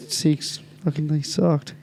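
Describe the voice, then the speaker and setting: Nasal Australian bloke with a cold. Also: male voice, a little high, steady tone, slow, vocal fry, a little mellow. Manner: blokey, swears freely, laughs often. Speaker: podcast co-host. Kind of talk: casual chat.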